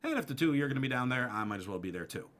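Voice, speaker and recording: Animated bright-voiced male co-host. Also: medium pitch, racing. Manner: animated, laughs often while recapping. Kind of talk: casual recap chat.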